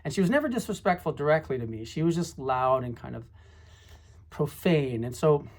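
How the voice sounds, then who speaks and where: A middle-aged former high school teacher telling classroom stories in a rambling, reflective way, full of asides. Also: animated, moderate pace, a little mellow. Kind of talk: casual storytelling monologue.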